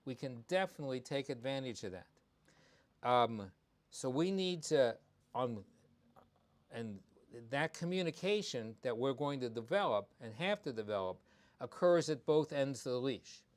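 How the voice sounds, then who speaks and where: A man's voice: mid-range voice, lively intonation, moderate pace. A man, a veterinarian hosting a live show, talking with emphasis and repeating his key points, with ums and restarts. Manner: conversational with many ums and restarts. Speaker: veterinarian host. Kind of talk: live talk on pet behavior.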